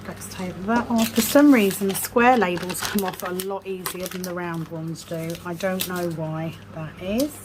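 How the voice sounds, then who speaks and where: A woman vlogging in casual chat while sorting craft supplies at home, self-deprecating, slowly murmuring numbers to herself. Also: on the low side. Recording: noisy background hiss.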